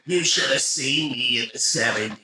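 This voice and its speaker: A man's voice: mid-range voice, moderate pace, pushed and bright, roomy sound. A man voicing a crude, bitter, washed-up older woman who lurks in alleys and pushes people around. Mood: pushy.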